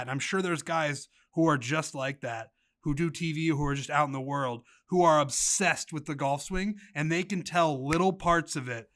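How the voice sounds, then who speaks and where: A man's voice: on the high side, bright, forceful tone. A man co-hosting a podcast, talking in a rambling, casual way with lots of filler words. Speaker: podcast co-host. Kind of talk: casual chat.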